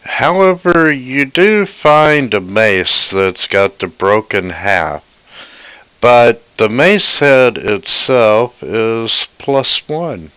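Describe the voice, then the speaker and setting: A man running a tabletop game as game master, speaking very slowly with pauses and fillers. His voice is bright and forceful, with a smooth, crisp resonance. The sound is dry and close, with no room around it. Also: medium pitch, expressive, no echo. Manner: unhurried, hesitant with many fillers.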